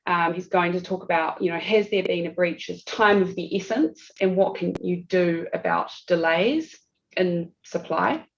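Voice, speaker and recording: A woman's voice: on the low side, normal speed, vocal fry. A woman with a New Zealand accent presenting a legal webinar in a chatty, self-deprecating way with frequent fillers, over a video call. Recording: dull lo-fi video call audio.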